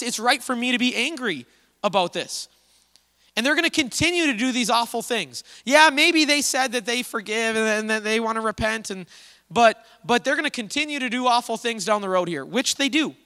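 Bright, high-voiced pastor preaching in a hall. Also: male voice. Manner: conversational, animated storytelling. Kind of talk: sermon. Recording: long reverb of a hall.

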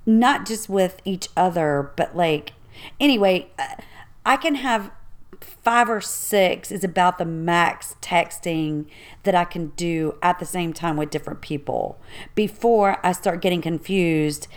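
A woman with a fairly low voice talks casually with a co-host. She chats along easily and reacts openly with interjections. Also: unhurried. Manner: chatty, reacts with gasps and interjections. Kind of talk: casual chat.

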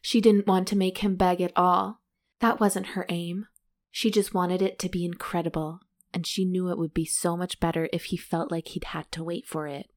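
A woman's voice: fairly low pitch, level tone, normal speed. A woman co-hosting a chatty podcast, reading passages from a romance novel aloud and joking about them. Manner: giggly, reads passages then jokes about them. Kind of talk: casual chat and reading aloud.

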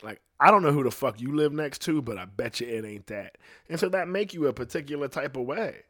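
A young adult man hosting a podcast, telling stories in a crude, profane, animated way. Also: mid-range voice, brisk, no echo, studio quality. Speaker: podcast host. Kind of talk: storytelling podcast chat.

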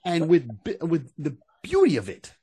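A man co-hosting a casual podcast, animated and breaking into quoted voices as he talks. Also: a little high, moderate pace, breathy edge, no echo. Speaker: podcast co-host. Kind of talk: casual chat.

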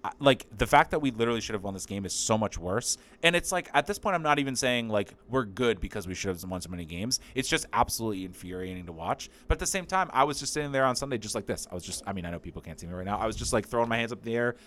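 A man's voice: on the low side, lively intonation, rapid-fire, hardly any pauses, a bit bright. A man co-hosting a sports podcast, ranting angrily with heavy profanity. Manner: angry, heavily profane ranting. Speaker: podcast co-host. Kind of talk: casual sports podcast rant.

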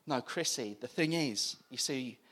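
A man voicing a reformed, earnest man in his eighties, speaking low and soft. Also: expressive, unhurried.

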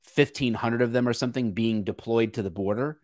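A man co-hosting a podcast discusses political matters casually, sounding earnest and searching as he keeps starting over. He speaks fairly quickly in a mid-range, slightly mellow voice. The sound is clean studio audio without echo.

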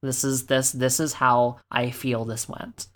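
A woman's voice: very deep voice, flat delivery, measured pace. A woman co-hosting a casual podcast about a video game, talking animatedly, laughing often and acting out characters. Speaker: podcast co-host. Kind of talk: casual game discussion chat.

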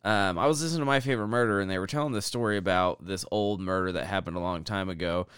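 A podcast co-host with a low, smooth, slightly bright voice rambles quickly through casual chat, full of fillers and restarts. The audio is studio quality, with no room sound.

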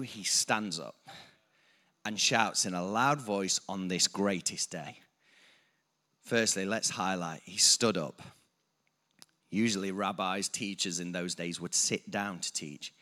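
A man's voice: lowish voice, pushed and bright. A man preaching a sermon, building emphasis with repeated phrases and stopping to correct himself. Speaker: pastor.

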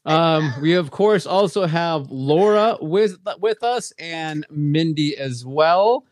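A man co-hosting a casual podcast from a home basement, relaxed and easygoing, with frequent fillers and laughs. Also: fairly high pitch, slow, background noise. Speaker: podcast co-host. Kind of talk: casual chat.

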